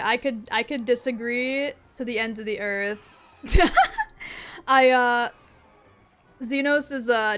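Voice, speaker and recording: A young woman with a high voice streams a game and talks to her viewers in a loose, unhurried way. She is excitable and playful and swears often, with faint game music under her voice. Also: clean tone. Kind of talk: casual gaming commentary.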